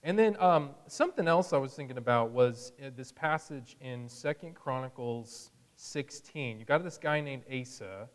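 A man's voice: medium pitch, expressive, moderate pace, few pauses, in a large hall. A man teaching a Bible sermon in a conversational way, acting out the people he quotes with a chuckle now and then. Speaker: preacher.

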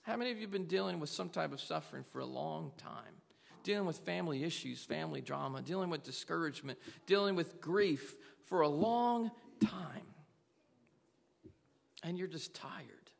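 A man's voice: fairly high pitch, moderate pace, gravelly, long reverb tail. A man preaching a sermon to a congregation, earnestly asking them question after question. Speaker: pastor.

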